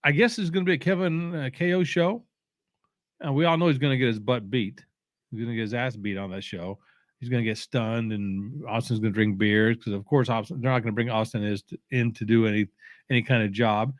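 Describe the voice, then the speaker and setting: A man hosting a watch-along, rambling casually with strong opinions, halting often with fillers and restarts, sounding sleepy. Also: mid-range voice, fairly even intonation, no echo, clean studio sound. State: sleepy, yawning.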